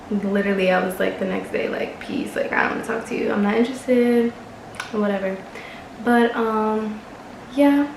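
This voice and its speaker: A woman's voice: on the high side, roomy sound, noisy background. Chatty young woman telling a story. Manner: chatty, exasperated, swears, laughs often. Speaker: vlogger. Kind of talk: casual story time.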